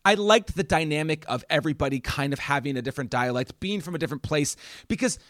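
A young man, a podcast guest, chatting casually about film, animated and swearing freely. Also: fairly high pitch, quick pace, no echo, clean studio sound.

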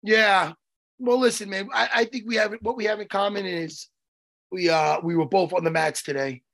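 A man co-hosting a podcast in casual banter, animated and joking, swearing freely. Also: high voice, normal speed, vocal fry. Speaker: co-host.

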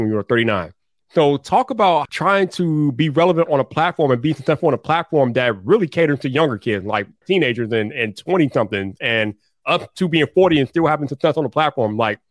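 A man in his forties hosts a podcast with an energetic, emphatic delivery and casual slang. He talks quickly, and the sound is close and dry. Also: fairly high pitch, no echo. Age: 40s. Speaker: podcast host.

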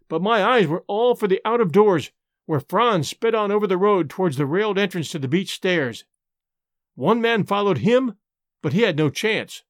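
A man narrating an adventure story with expressive, dramatic delivery. His voice sits fairly high and swings widely in pitch. The sound is dry and close, with no room echo. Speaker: audiobook narrator and host.

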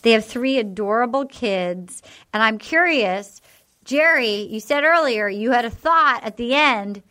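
A woman hosting a podcast, telling stories in an animated, casual way and swearing now and then. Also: on the high side, a little slow. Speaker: podcast host. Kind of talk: casual chat recapping a reality show.

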